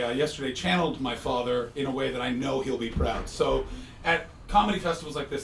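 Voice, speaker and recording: A man hosting a live comedy podcast, telling stories in an animated, joking way, recorded from a distant mic in an echoey room. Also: mid-range voice, a little hiss or hum. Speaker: comedian host.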